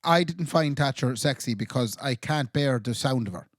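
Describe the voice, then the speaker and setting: A man's voice: mid-range voice, normal speed, dry recording, clean studio sound. An Irish man co-hosting a casual podcast, easygoing and self-mocking. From Ireland. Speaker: podcast co-host. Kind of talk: casual chat.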